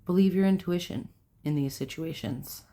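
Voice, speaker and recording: A woman's voice: sits low, moderate pace, mellow. A young adult woman hosting a self-help video, talking casually to camera in a rambling way, with fillers and self-corrections.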